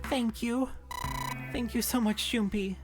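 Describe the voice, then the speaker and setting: A narrator voicing a terrified young woman who screams and pleads in a high, breaking voice while reading a visual novel aloud. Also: animated, takes it slowly, over music. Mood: tearful.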